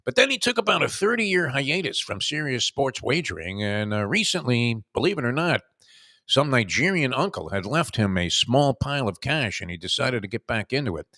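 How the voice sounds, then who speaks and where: A man hosting a sports talk show, telling rambling stories with many filler pauses. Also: medium pitch, sing-song, pushed and bright, no room sound, studio quality. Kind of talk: casual sports talk with a co-host.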